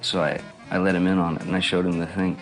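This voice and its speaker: A middle-aged man in an interview, reminiscing in a relaxed, rambling way with lots of fillers and chuckles. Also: low voice, quick pace, soft background music. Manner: relaxed, rambling, full of "you know"s and laughs.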